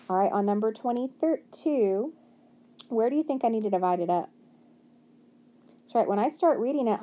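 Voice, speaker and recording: Woman teacher doing phonics, sounds words out slow, mellow voice, keeps asking "right?" to cheer the kids on. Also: mid-range voice. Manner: slow, stretched-out sounding out of word parts; encouraging, asks and answers her own questions. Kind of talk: phonics lesson.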